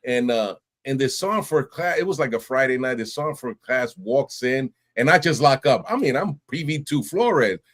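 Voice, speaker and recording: A middle-aged man from New York, a podcast guest telling his stories in casual, animated talk, often laughing and acting out voices. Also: medium pitch, moderate pace, few pauses. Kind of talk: casual interview storytelling.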